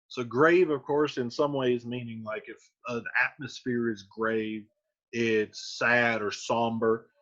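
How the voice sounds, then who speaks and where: A man's voice: mid-range voice, fairly even intonation, slow, a bit bright, lo-fi sound. A man teaching, casually retelling a play in plain, conversational words.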